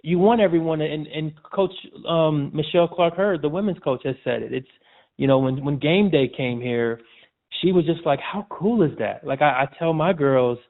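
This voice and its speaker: A man, a sports reporter appearing as a guest, talking casually and loosely in a relaxed, chatty way. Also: fairly high pitch, normal speed. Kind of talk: casual interview chat. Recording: tinny phone-like audio.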